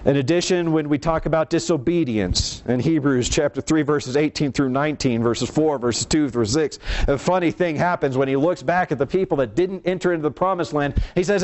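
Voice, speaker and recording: Male preacher, slightly high voice, emphatic sermon delivery with rhetorical questions. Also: normal speed. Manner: emphatic, swings between soft low and raised lines.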